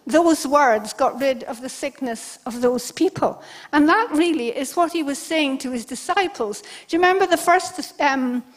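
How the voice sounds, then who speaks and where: High-voiced woman preaching a lively sermon. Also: normal speed. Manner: animated storytelling, acting out quoted speech. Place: church service before a congregation.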